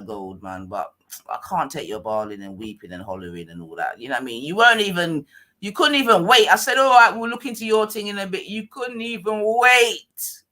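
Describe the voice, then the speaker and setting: Woman, London accent, live stream host, mocking, foul-mouthed, lively pitch. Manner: mocking, swearing, taunting. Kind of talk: heated live stream argument.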